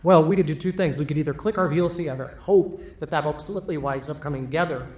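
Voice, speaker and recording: A man giving a reflective, earnest talk as a panel speaker, pausing on fillers. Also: on the high side, darkish tone. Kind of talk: public talk. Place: packed room.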